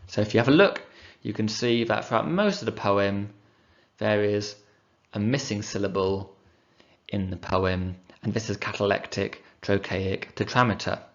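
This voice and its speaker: A man's voice: fairly low pitch, moderate pace, dull audio. A male teacher, patiently explaining poetic meter in a revision lesson and sounding out the rhythms aloud. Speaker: English teacher. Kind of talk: recorded exam revision lesson.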